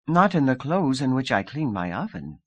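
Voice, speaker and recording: A man's voice: mid-range voice, very animated, normal speed, fairly bright tone, dry recording, highs cut off, voice pushed up. A man voicing a proud young woman who speaks in a formal, stiff way. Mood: poised. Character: proud young Russian woman, imperious then charming.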